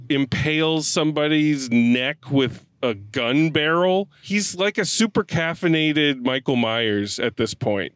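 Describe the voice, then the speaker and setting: A man's voice: mid-range voice, clear, resonant tone, no room sound. Laughing, profane man reviewing a movie. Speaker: podcast co-host. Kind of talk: casual movie review chat.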